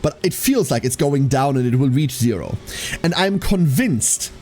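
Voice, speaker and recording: Animated, rambling male streamer. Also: medium pitch, moderate pace, faint music behind. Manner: rambling, swears freely, chatty with viewers. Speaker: live streamer. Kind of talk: casual stream storytelling.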